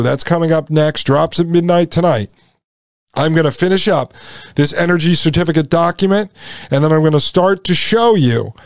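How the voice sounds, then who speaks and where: Male solo show host, insistent and repetitive, somewhat high pitch, dead-dry mic. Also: a little mellow, dry recording. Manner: emphatic, repetitive, addresses listeners as folks. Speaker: podcast host.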